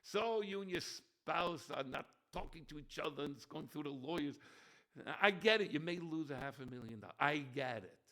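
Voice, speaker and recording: A man preaching a holiday sermon as a rabbi, animated, swinging between shouting and soft near-whispers. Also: fairly high pitch, moderate pace. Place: room with bookshelves.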